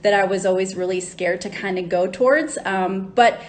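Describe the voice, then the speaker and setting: A woman's voice: mid-range voice, normal speed. A woman hosting a live wine tasting on a phone stream. She chats casually and cheerfully, greeting viewers as they join. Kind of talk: casual livestream chat. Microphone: phone livestream mic.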